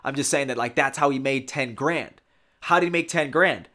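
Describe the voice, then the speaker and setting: A man casually retelling a show in commentary, talking in a loose, energetic way and often tagging on "you know" and "right?". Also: on the high side, normal speed.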